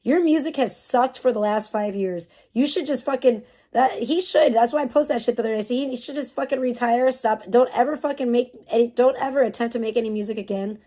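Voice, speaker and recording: This young American streamer's voice sits on the high side with a dark tone, and she talks briskly with barely a pause. Casually chatting, she curses a lot and fires back at chat in a bemused, exasperated manner.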